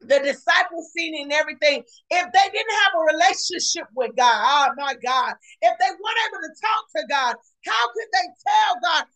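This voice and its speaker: A woman preaching a fiery podcast sermon, often shouting and repeating exclamations. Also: very high voice, expressive, moderate pace, hardly any pauses, rough recording. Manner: shouting, repetitive exclamations, colloquial.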